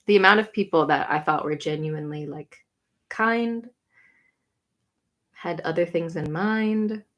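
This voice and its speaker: A young woman chatting casually on a livestream, answering comments with lots of "like" and quick, bright greetings. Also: on the low side. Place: home room.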